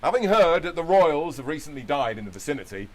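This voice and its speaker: A man's voice: a little high, sing-song, quick pace. A man hosting a live podcast, reading a silly story aloud with a playful, laughing delivery. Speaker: podcast host.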